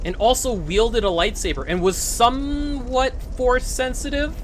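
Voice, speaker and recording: A young adult streamer ranting casually while playing a video game, swearing freely and breaking into loud bursts of laughter. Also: medium pitch, unhurried, slight background noise. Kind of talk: casual rant while gaming.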